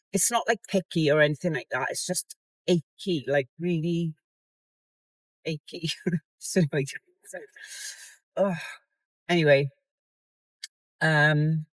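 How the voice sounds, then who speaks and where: A middle-aged woman chats casually to her phone camera, rambling and open, sometimes dropping soft and tired. Her voice sits close and dry, with no room sound around it. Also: deep voice, no echo, poor audio. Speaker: competitor vlogging her contest prep. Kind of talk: casual vlog chat. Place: in a car.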